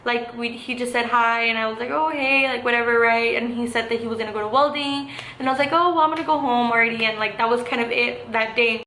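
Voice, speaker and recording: A woman's voice: a little high, fairly even intonation, fairly quick, sharp tone. A young adult woman vlogger telling a casual story, chatty and full of fillers like "like" and "um". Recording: echoey room with faint hiss.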